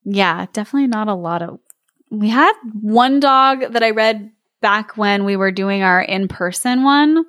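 A woman's voice: medium pitch, measured pace, a bit bright, no echo. A young woman co-hosting a podcast, reading a fairy tale aloud with playful banter and frequent laughs. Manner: playful, laughs often between lines.

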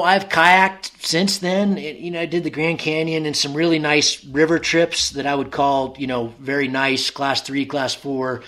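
A man's voice: mid-range voice, bright, forceful tone. A man telling a long personal story in casual conversation, rambling with many fillers and restarts.

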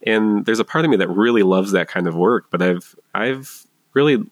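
A man being interviewed as a marketing consultant, answering thoughtfully with frequent pauses. His voice is very low, and it sounds dry and close. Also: no echo. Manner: thoughtful, halting with fillers. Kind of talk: casual interview chat.

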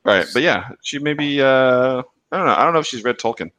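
A man's voice: medium pitch, animated, a little fast, bright, forceful tone, no echo. A man co-hosting a casual podcast, rambling through stories, laughing and swearing. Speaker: podcast co-host. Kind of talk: casual chat.

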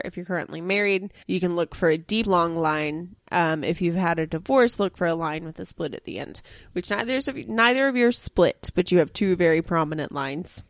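A woman's voice: on the low side, no echo. A woman co-hosting a podcast, chatting casually and laughing often as she reads a friend's palm. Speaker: podcast co-host. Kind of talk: casual chat, reading a palm.

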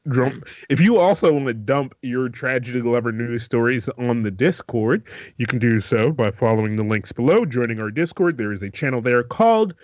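A man's voice: medium pitch, expressive, moderate pace, a little mellow, no room sound, dull audio. A man co-hosting a comedy podcast, stammering and restarting often as he tells an anecdote. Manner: hesitant, stammering, restarts often, laughs easily. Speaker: podcast co-host. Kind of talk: casual comedic chat.

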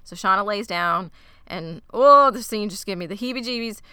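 A woman co-hosting a podcast, retelling a TV episode in a casual, animated way. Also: mid-range voice, smooth, no room sound, clean studio sound. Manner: animated, quick retelling with quoted lines. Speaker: podcast co-host recapping a TV episode. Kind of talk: casual recap chat.

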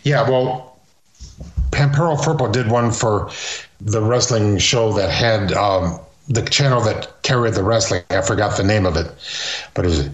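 Older man, interview guest, animated storyteller, low voice, roomy echo. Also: unhurried. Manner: animated storyteller, slips into impressions. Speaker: interview guest, retired wrestler.

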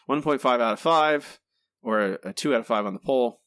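Brief: quick-paced male podcast co-host, candid critic, dry close sound. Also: mid-range voice, fairly bright tone, dry recording. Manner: candid and critical, hesitant when unsure. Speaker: podcast co-host, episode reviewer. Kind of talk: casual chat, spoken review.

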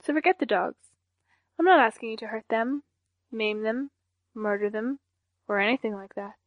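A young villainess with no emotion in her voice, every threat delivered in a flat deadpan, as a woman reads her in an audiobook. The voice sits fairly high, recorded close and dry. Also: moderate pace, no echo, narrow, tinny audio, lightly acted. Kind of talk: audiobook character voice.

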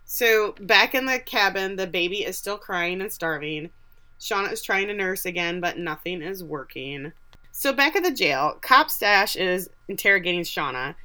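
A woman's voice: on the low side, expressive, normal speed, pushed and bright. A woman co-hosting a podcast, recapping a TV episode in casual chat and acting out the characters' lines. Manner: chatty, acts out quotes from the show. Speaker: podcast co-host.

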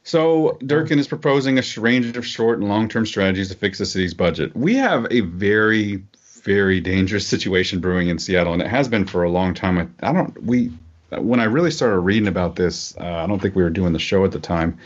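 A man's voice: deep voice, expressive, a little fast. A man co-hosting a casual political podcast, rambling with frequent fillers and restarts. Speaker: podcast co-host. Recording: dull lo-fi podcast audio.

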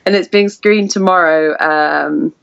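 A woman's voice: sits low, a little slow, vocal fry, highs cut off. A young woman from the UK, a podcast guest chatting casually and emotionally, laughing often. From United Kingdom. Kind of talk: casual interview chat.

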